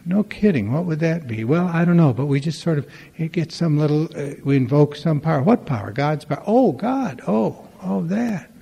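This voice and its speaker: Older guy with a gravelly mellow voice telling wry recovery stories, echoey hall. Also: fairly high pitch, brisk, hardly any pauses. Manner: conversational, acts out dialogue, wry humor. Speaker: recovery meeting speaker. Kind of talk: storytelling talk to a recovery meeting.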